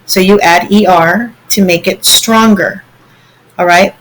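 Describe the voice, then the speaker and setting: A woman's voice: medium pitch, fairly even intonation, takes it slowly, rough recording. A woman teacher walking students through slides in a recorded online lesson, patient and step by step, often checking in with "okay?".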